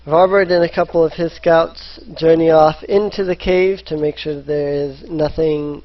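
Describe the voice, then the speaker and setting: A man narrating a tabletop role-playing game as dungeon master, in an unhurried storytelling manner. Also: on the high side. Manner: unhurried storytelling, voicing characters in quotes. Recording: dull lo-fi voice chat.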